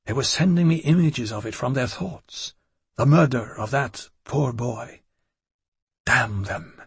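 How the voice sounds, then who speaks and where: A man narrating a gothic novel in the first person, measured and dramatic. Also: mid-range voice, lively intonation, vocal fry, a little mellow, husky, no echo. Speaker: audiobook narrator.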